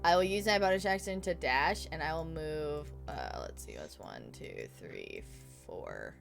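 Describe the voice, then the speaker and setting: A woman's voice: sits low, very animated, measured pace, creaky, soft background music. A woman playing a tabletop game, chatting casually, swearing freely, laughing often and thinking aloud.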